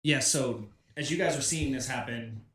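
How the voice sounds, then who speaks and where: A man's voice: medium pitch, moderate pace, fairly bright tone, a little hiss or hum. A man acting as game master, explaining rules and scenes with frequent restarts. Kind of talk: running a tabletop game. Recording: roomy echo.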